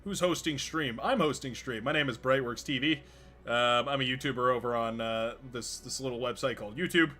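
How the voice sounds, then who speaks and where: Bright-voiced rambling stream host, man. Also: mid-range voice, fairly quick, faint music behind. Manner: rambling, laughs often, many restarts. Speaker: stream host and game caster. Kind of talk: casual livestream chat.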